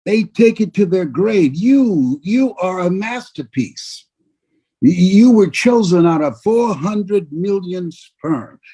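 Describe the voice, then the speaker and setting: An older man giving a motivational speech in a husky voice, preaching with big swings between shouts and low murmurs. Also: lively intonation, slow. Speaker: motivational speaker. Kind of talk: motivational speech on a video call.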